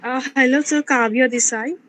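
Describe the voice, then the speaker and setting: Indian English woman student on a video call, high-pitched, hesitant and polite, faint noise behind. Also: fairly even intonation, normal speed, a bit bright. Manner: polite, hesitant, says sir often.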